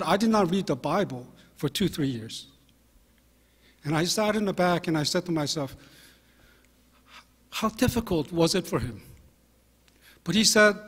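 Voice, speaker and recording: A man in his fifties, a pastor telling anecdotes in a relaxed sermon, with fillers and self-deprecating humor. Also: on the high side, breathy edge. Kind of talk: conversational sermon storytelling. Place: church sanctuary. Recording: long hall reverb from a church.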